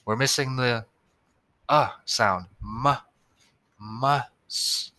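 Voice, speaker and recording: A male teacher talks to young children at a very slow, deliberate pace, sounding words out one piece at a time. His voice is bright and forward. The sound is dry and close to the mic. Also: lowish voice, no room sound. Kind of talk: recorded classroom lesson for children.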